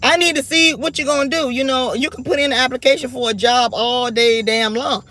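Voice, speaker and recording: A woman's voice: high-pitched, fairly even intonation, fairly quick, bright, forceful tone, no room sound. A woman in her forties talking straight to camera in an unscripted rant, blunt, defiant and emphatic. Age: 40s. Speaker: vlogger.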